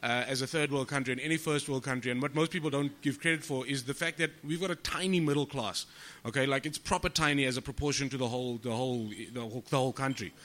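A man, a comedian guest, telling stories on a podcast in an animated way, swearing freely and acting out the people he quotes. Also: medium pitch, fast. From South Africa. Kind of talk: storytelling podcast chat.

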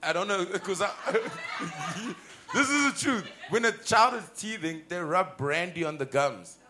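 A South African man, a comedian guest, telling animated anecdotes in casual chat and laughing often. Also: sits high, unhurried, noisy background.

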